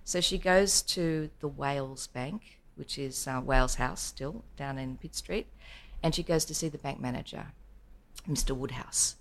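Middle-aged Australian woman, deep-toned guest, lively storyteller who acts out quotes. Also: a little slow. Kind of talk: storytelling in casual chat.

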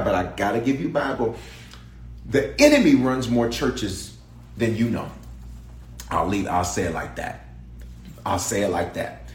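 Bishop preaching with sweeping pitch. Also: male voice, gravelly, roomy sound. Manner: call-and-response preaching, repeating lines, shifting from hushed to shouted. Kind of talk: sermon. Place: church sanctuary.

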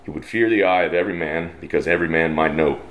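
Deep-voiced Texan man reading a western. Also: a bit bright. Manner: slow, drawling twang, puts on brief voices for characters. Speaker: storyteller. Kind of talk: reading a western story aloud.

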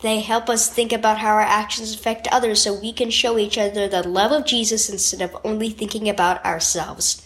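A woman voicing a mother in a children's devotional story, gentle and teasing, then earnest. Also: medium pitch, little pitch movement, fairly quick, few pauses, natural voice. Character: warm playful adult mother.

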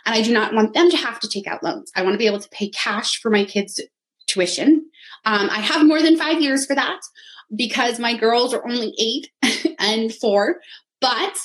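A woman in her thirties speaks in a relaxed, chatty how-to style, moving item by item as a coach would. Her voice sits a little on the high side and stays upbeat throughout. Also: rough recording. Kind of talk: casual how-to talk showing a vision board.

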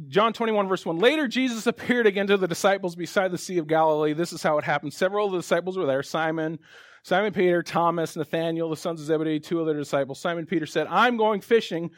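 A pastor preaching in a high-pitched voice, talking through scripture like a chat with his congregation. He builds to fervent, emphatic exhortation. The recording is dry and close, with no room sound. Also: fast, no echo. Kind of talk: sermon.

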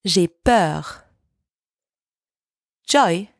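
A woman hosting a language lesson podcast, speaking slowly and clearly and repeating each phrase so listeners can practice. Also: fairly low pitch, expressive, no room sound, clean studio sound. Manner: slow, careful, repeats French words for practice. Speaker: French teacher, podcast host.

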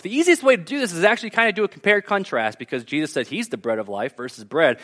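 A man preaching a casual, joking sermon, retelling scripture as a lively story. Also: a little high. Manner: animated storytelling with jokes.

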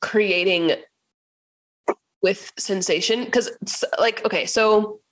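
A young woman hosting a casual podcast conversation as a creative coach, animated, laughing often and acting out inner voices. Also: mid-range voice, takes it slowly.

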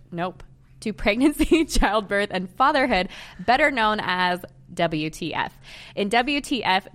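A woman's voice: mid-range voice, a bit bright. A woman who works as a doula, hosting her own podcast in a bubbly, enthusiastic way.

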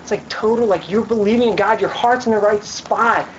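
A woman's voice: medium pitch, brisk, muffled recording, background noise. A woman giving a casual youth sermon, chatty and full of fillers, acting out scenes in voices. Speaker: youth speaker.

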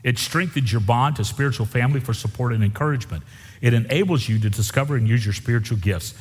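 A husky-voiced man delivers a folksy, emphatic sermon, driving his points home by repeating them. His voice carries a long reverb through the church sanctuary. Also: mid-range voice, fast. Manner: folksy, emphatic preaching with repetition. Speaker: pastor.

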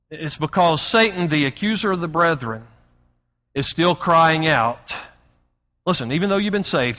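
A man's voice: sits high, expressive, moderate pace, pushed and bright. A pastor preaching a sermon emphatically, often restarting his words. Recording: long hall reverb.

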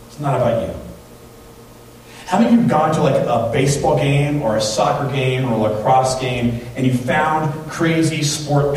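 A man preaching a sermon in a church, talking in a conversational, animated way and acting out the people in his stories. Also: medium pitch, distant mic, slight background noise. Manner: conversational, animated storytelling with quoted voices. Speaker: pastor. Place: church sanctuary. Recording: very echoey hall, voice from off-mic.

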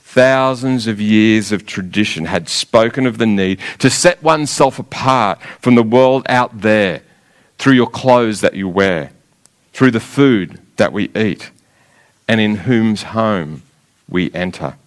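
Male preacher, sermon storytelling, low voice, slow deliberate pace, emphatic pauses. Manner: measured, emphatic, with rhetorical pauses.

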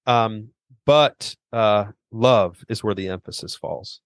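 Slow and fairly low-pitched, a middle-aged seminary president and author earnestly discusses theology as a podcast guest in an interview, often restarting. The recording is dry.

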